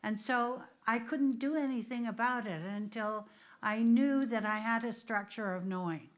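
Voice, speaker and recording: A middle-aged American woman minister leads an informal discussion in a church meeting room, telling stories conversationally with restarts and asides. Her voice is fairly high, at a moderate pace.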